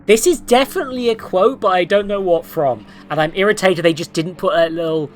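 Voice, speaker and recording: A woman's voice: on the low side, brisk, slight background noise. A young woman streaming a horror game with sarcastic, swearing commentary and playful asides. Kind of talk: casual gameplay commentary.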